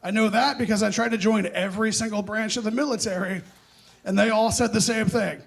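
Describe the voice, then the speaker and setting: High-voiced young male stand-up comic. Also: steady tone, fairly quick, creaky. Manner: self-deprecating, punchy, loud. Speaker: stand-up comedian. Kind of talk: stand-up set. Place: comedy club stage. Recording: live club audience laughing.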